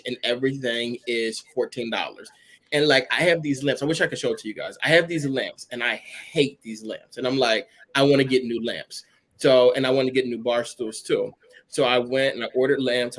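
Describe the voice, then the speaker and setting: A man co-hosting a podcast, telling a long rambling story in casual chat and filling it with "or whatever". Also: medium pitch. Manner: chatty, rambling, uses "or whatever" often. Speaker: podcast co-host.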